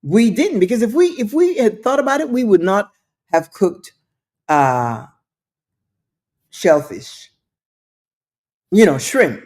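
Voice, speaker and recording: A woman's voice: medium pitch, very animated, slow pace, long pauses, darkish tone. A woman hosting her own show, telling a story in a chatty, skeptical way with frequent restarts and asides. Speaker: show host. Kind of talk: casual storytelling monologue.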